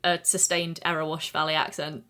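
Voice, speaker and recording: A woman's voice: low voice, level tone, a little fast, noisy background. A woman with a mild East Midlands accent hosting a casual podcast chat, giggly and rambling, often poking fun at herself. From Derbyshire, England. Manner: giggly, rambling, self-deprecating. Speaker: podcast host.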